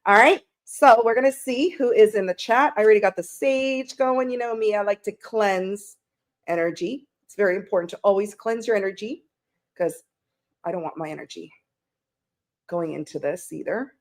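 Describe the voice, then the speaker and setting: A woman's voice: mid-range voice, normal speed. A woman hosting a casual live-stream tarot reading, chatting and greeting viewers with pet names. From Canada.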